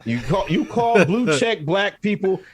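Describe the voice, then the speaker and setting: A man's voice: high-pitched, big pitch swings, moderate pace, husky. A man co-hosting a podcast, teasing in comedic casual chat and laughing often. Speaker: podcast co-host.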